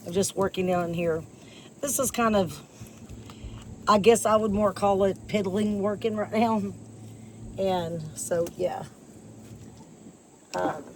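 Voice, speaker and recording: A vlogger with a medium-pitched, slightly mellow voice chats casually with her viewers while pulling weeds in a yard by a porch. She rambles in a folksy way and coughs slightly from a chest infection, with a bit of hiss or hum in the recording.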